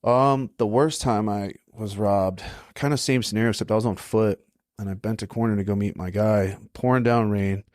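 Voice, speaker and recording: A young adult man with a low voice tells his stories in a casual, laid-back way, checking in with "right?" as he goes. The sound is close and dry, with no room around it. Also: fairly even intonation, moderate pace, a little mellow, dry recording. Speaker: podcast guest. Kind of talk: casual storytelling.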